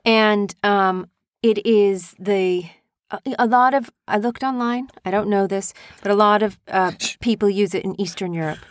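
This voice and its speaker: A woman's voice: mid-range voice, normal speed, few pauses, no echo, clean studio sound. Chatty mom hosting with her kid. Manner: chatty, talks a lot, teasing. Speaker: podcast host and parent. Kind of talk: casual chat with her child.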